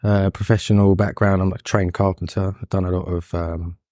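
Low, flat-voiced man, hesitant. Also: fairly quick, no room sound, studio quality. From England. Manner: hesitant, lots of ums and restarts. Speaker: guest, carpenter and furniture maker. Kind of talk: casual interview answers.

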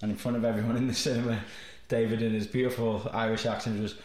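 A man's voice: on the low side, level tone, fast talker, darkish tone. A man hosting a movie podcast, casual and jokey, laughing often. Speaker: podcast host. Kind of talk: casual comedic chat. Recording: roomy echo.

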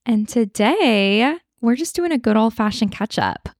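A woman's voice: on the high side, a little slow, dry recording, clean studio sound. A woman in her twenties, a podcast co-host, telling a story in casual chat, full of "like"s and laughs. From Sacramento area. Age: 20s. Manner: animated storyteller, laughs often, many "like"s.

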